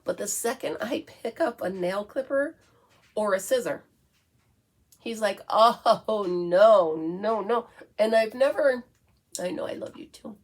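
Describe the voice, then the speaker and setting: A woman's voice: on the high side, animated, unhurried, pauses often, darkish tone. A middle-aged woman from the United States hosting a casual morning coffee chat, chatty and breaking into baby talk with her dog. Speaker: vlog host.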